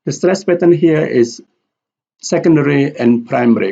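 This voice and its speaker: A man teaching English pronunciation in a slow lesson, carefully repeating example words. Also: medium pitch, steady tone, vocal fry, dark tone, dull audio.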